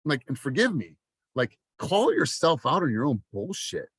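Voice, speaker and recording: A man in his thirties coaching a sales team on a video call, passionate and blunt, swearing and rising to near-shouting. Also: fairly high pitch, wildly swooping pitch, moderate pace, husky, no echo. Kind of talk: motivational team meeting talk.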